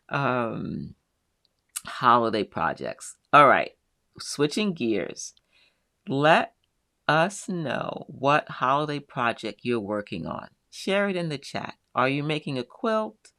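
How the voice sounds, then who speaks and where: Middle-aged lady hosting a quilting livestream, slow easy chat reading the comments, close dry mic. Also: deep voice, sing-song, no room sound. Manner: chatty, reads out viewer names and answers warmly. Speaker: host of a live quilting show. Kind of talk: casual live-stream chat reading viewer comments.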